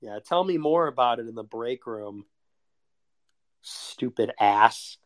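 A man's voice: mid-range voice, lively intonation, takes it slowly. A man delivering a heated, sarcastic, profane rant as a solo monologue. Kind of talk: ranting monologue.

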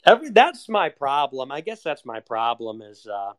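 A man's voice: mid-range voice, big pitch swings, moderate pace, fairly bright tone, slight background noise. A young man ranting casually, sardonic and profane, laughing often. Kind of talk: casual rant.

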